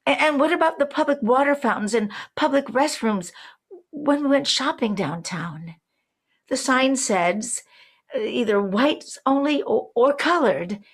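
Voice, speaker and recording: A woman's voice: high voice, animated. Older woman telling a wry personal story. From New Orleans, Louisiana. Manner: reflective, wry, slows for emphasis.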